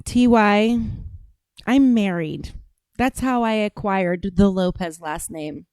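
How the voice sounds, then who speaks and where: A brash woman from the United States hosts a casual reaction stream, reading chat and firing back with nonstop profanity. She sits at a middle pitch, and her voice is dry and close, with no room sound. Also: takes it slowly, a little mellow, clear, resonant tone, dry recording. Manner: brash, profane and combative, often laughing.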